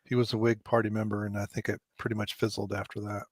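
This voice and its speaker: A man as a guest on a casual political chat, agreeable, piecing together history haltingly. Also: on the low side, little pitch movement, no echo.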